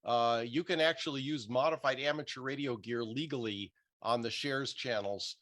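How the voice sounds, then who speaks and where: A man speaks on a video call, eager and earnest as he gives advice. His voice sits at an ordinary middle pitch. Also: normal speed, a bit bright. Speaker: call participant. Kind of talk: Zoom meeting comment.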